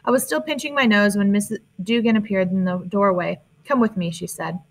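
Brief: woman narrator, medium pitch, reads a novel evenly and simply. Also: fairly quick, poor audio. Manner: plain, steady first-person reading. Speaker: audiobook narrator. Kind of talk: audiobook narration.

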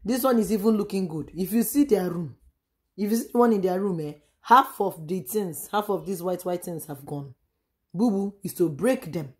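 Nigerian woman, home vlogger, lowish hoarse voice, chatty and rambling. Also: normal speed, a little mellow. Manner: chatty, repeats herself, sighs and trails off. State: hoarse, losing her voice. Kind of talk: casual home vlog chat. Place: room at home.

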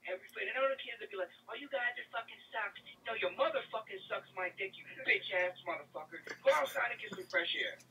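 A young man in a loud, profane comedic rant about a video game, repeating himself and swearing. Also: high-pitched, animated, fast, hardly any pauses, recorded from a distance, slight background noise, poor audio. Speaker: gamer ranting to camera.

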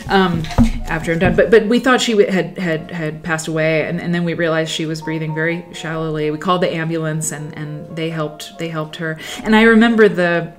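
Soft music plays behind a woman with a low voice who talks a little fast, hardly pausing. Hosting a livestream while she sews at home, she shares rambling, reflective stories that frequently trail away.

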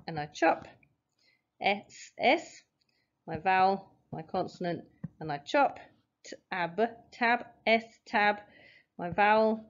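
Patient woman teaching phonics, lo-fi. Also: mid-range voice. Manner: patient, step-by-step, sounds out letters slowly. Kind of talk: phonics lesson, explaining at a board.

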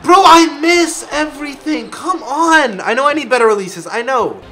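A young man commentating his own basketball video game play, excitable and yelling at his players, then dropping to a mutter. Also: very high-pitched, moderate pace, soft background music. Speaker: gaming video creator. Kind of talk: live gameplay commentary.

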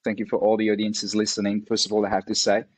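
A man from Mauritius with a French accent, French his first language, a martial arts instructor chatting as an interview guest, laughing often and pausing with fillers. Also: on the low side, completely flat delivery, a little mellow, poor audio. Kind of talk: casual interview conversation.

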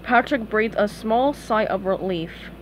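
A woman reading a children's book aloud in a calm, unhurried, steady way. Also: mid-range voice, a little hiss or hum. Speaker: storybook reader.

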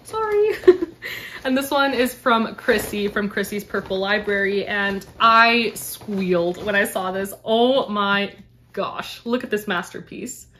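A young woman from Canada talks straight to camera in a casual book vlog, her voice sitting at an ordinary middle pitch. She gushes effusively and keeps doubling her words for emphasis. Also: unhurried, fairly bright tone, a little hiss or hum. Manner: gushing, effusive, repeats "so, so". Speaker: book vlogger. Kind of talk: casual unboxing chat to camera.

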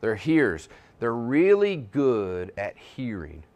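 A man preaching a sermon as pastor, swinging between hushed and loud, emphatic passages, often restarting his words. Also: mid-range voice, huge pitch swings, takes it slowly. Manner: frequent self-restarts and repetitions.

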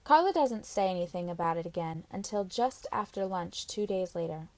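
A woman's voice: fairly low pitch, expressive, moderate pace, darkish tone. A woman reading a first-person novel aloud as an audiobook, in plain storytelling with light character voicing. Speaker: audiobook reader.

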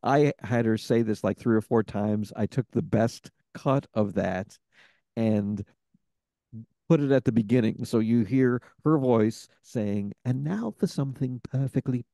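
A podcast host telling stories in a casual chat, rambling with many fillers. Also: male voice, on the low side, measured pace, mellow, no echo, clean studio sound.

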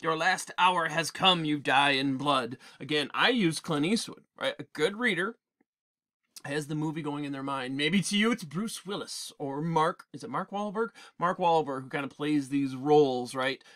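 A male teacher giving an animated, digressive literature lecture in class, with frequent restarts. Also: fairly high pitch, moderate pace. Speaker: English teacher.

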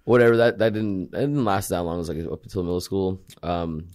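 A young man from California, a guest in casual chat on a podcast. His voice sits on the low side. He tells stories in a relaxed, profane, laugh-filled way. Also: brisk. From California, USA. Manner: laid-back profane storytelling, laughs often.

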